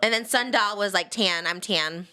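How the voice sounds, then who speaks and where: A woman's voice: mid-range voice, normal speed, bright, forceful tone, clean tone. A young adult woman hosting a podcast in casual chat, bubbly and rambling, laughing often. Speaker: podcast host.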